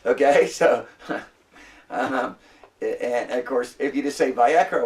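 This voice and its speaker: A man's voice: mid-range voice, moderate pace, far from the mic. A man lecturing a classroom as a Hebrew instructor, patient and repetitive, often prompting the students to answer.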